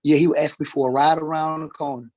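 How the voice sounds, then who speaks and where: A man testifying as a witness in a courtroom, halting and repeating words as he goes. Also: on the high side, little pitch movement, a little mellow. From Atlanta, Georgia, US.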